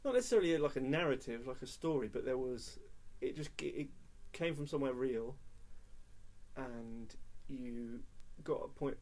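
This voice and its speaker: A man's voice: mid-range voice, animated, moderate pace, darkish tone. A man from England co-hosting a casual music podcast, chatty, laughing often and trailing off into restarts. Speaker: podcast co-host. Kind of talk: casual chat.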